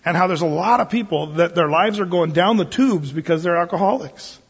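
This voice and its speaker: A man's voice: high voice, a little fast, slightly rough. A man, a pastor giving a conversational sermon in a folksy, plain-spoken way and often repeating words as he restarts. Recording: long hall reverb, dull lo-fi sound.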